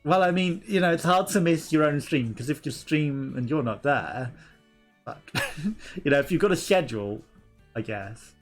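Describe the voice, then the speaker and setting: A man's voice: on the high side, animated, normal speed. A young man hosting a let's play, chatting casually, laughing and reading game dialogue aloud. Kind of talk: casual gameplay commentary. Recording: game music behind.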